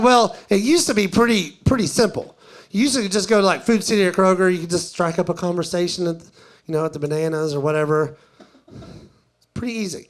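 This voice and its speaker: A man doing live stand-up, telling a story in a drawling, conversational way and quoting other people. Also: high voice. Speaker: stand-up comedian. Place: live comedy venue.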